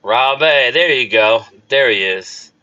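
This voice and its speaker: On dull-sounding audio, a middle-aged YouTube sports host with a South Jersey accent speaks slowly in a medium pitch, expressive, bright and forceful. He rambles and gets emotional during a casual live chat, answering his viewers and responding to what chat readers say.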